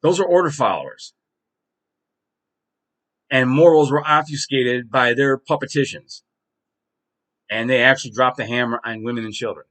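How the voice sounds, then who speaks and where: A man's voice: mid-range voice, moderate pace, long pauses, a bit bright. Profane, ranting male podcast host. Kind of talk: heated solo monologue.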